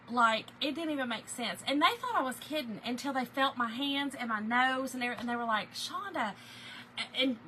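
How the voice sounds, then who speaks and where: Middle-aged woman, folksy livestream host; very bright, high voice; sing-song greetings. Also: slight background noise, poor audio. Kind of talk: chatty live stream greeting viewers. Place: home.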